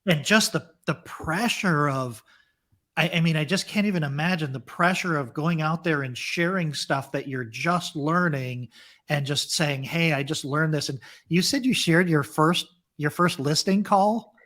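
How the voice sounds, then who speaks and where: A man's voice: on the high side, a little slow, fairly bright tone. Stammering, effusive podcast co-host, a man. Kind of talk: podcast interview.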